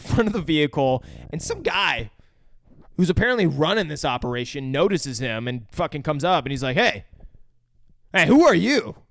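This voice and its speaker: A man's voice: fairly high pitch, no room sound. A young man co-hosting a podcast, recapping a movie in casual chat, swearing and acting out lines. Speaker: podcast co-host.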